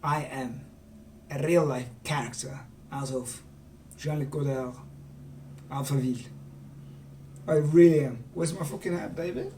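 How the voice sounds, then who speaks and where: A man's voice: medium pitch, steady tone, unhurried, long pauses, mellow, slight background noise. A man rambling and swearing through a late-night livestream monologue, chuckling between remarks. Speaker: livestream host and musician.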